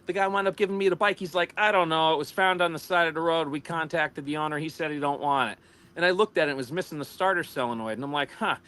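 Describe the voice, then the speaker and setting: This is an American man talking casually on a livestream. His voice sits a bit high. He rambles through stories and laughs often. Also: steady tone, quick pace, sharp tone. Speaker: livestream co-host. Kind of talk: casual storytelling chat.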